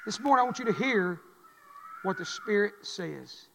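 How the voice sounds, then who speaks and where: A man preaching as pastor in a church, repeating lines and building to loud, shouted climaxes. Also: high-pitched, big pitch swings, normal speed, gravelly, slight background noise. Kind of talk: sermon. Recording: long reverb of a church hall.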